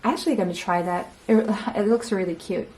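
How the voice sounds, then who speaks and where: A woman's voice: medium pitch, fairly quick, mellow. A woman giving a pick-a-card tarot reading, chatty and speaking straight to the viewer, often correcting herself as she goes. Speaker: tarot reader.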